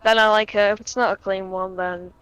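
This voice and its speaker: A woman's voice: medium pitch, steady tone, brisk, fairly bright tone, clear, resonant tone, dull audio. A woman co-commentating an online racing league stream, reading out the grid and laughing often. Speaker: race commentator. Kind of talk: casual sim racing commentary.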